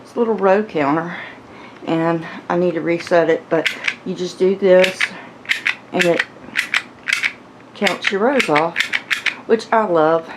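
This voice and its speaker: A woman's voice: fairly low pitch, takes it slowly, pauses often, very noisy. A woman hosting a casual crochet tutorial from her floor at home, a little out of breath, chatty and rambling, laughing at herself. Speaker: crochet channel host.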